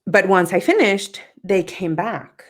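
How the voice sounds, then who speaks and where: A woman guest on a podcast, telling a personal story in a lively, conversational way and acting out what others said. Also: medium pitch, unhurried. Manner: animated, acts out quoted dialogue, laughs often.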